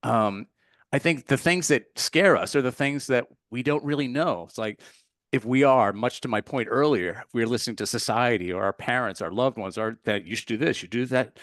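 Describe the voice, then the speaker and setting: A man's voice: medium pitch, normal speed, fairly bright tone, no room sound, studio quality. A man, a meditation teacher, answering as a podcast guest in an earnest, heartfelt way, with fillers and restarts. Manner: earnest, heartfelt, with filler words and self-corrections. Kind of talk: casual storytelling in an interview.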